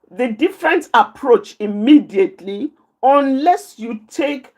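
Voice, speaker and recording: Woman speaker, unhurried and deliberate, repeats each point for emphasis while teaching a live group. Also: high-pitched. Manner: repeats key phrases, slow and emphatic, points out positions with her hands. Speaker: outreach speaker teaching anger management.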